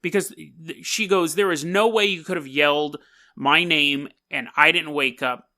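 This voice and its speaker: Podcast host, male, bright and higher-pitched, animated storyteller. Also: unhurried. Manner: animated, conversational, quotes friends in his own voice. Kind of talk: personal storytelling.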